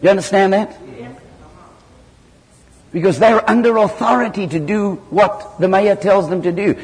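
A man's voice sits a little high as he preaches, swinging into sudden loud, high bursts while he tells his stories. He is from southern Africa. A long reverb trails behind him, as if he were speaking in a large hall. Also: a little slow. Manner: animated storytelling with sudden loud jumps in pitch. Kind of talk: sermon.

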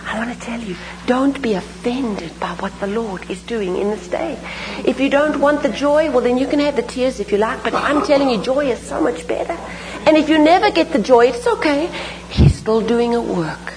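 A woman's voice: on the high side, normal speed, slight background noise, low-quality recording. Emphatic woman preaching a sermon. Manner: animated, emphatic, repeats phrases. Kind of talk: sermon with storytelling and prayer.

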